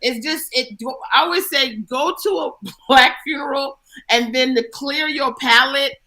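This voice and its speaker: A woman comedian talking as a podcast guest. Her voice is bright and forceful, and she tells stories loudly and theatrically. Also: high-pitched, unhurried, low-quality recording. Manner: loud, theatrical storyteller. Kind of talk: casual comedic chat.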